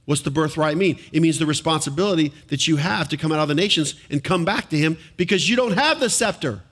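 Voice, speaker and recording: A man preaching from the pulpit in a somewhat high voice. He speaks with animation and keeps putting questions to the congregation, with some lines landing farther from the mic. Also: fast, a bit bright. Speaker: pastor. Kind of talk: sermon. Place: church before a congregation.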